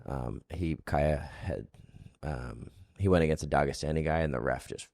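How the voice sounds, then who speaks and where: A young man with a very low voice chats loosely on a podcast, drifting from one half-finished thought to the next. The sound is close and dry, with no room around it. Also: moderate pace, creaky, a little mellow, no echo. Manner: laid-back, rambling, trails off mid-sentence. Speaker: podcast co-host. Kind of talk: casual chat.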